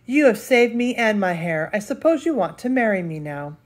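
A grandmother voicing a young princess who speaks softly and sighs. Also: medium pitch, very animated, moderate pace. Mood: sighing. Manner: soft, sighing. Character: sighing young princess in a tower.

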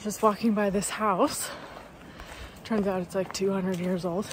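A woman's voice: medium pitch, steady tone, unhurried, slight background noise. A young woman from Canada chatting upbeat to her camera outdoors on a hiking trail, telling a story with lots of fillers. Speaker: hiker vlogger. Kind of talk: casual chat to camera.

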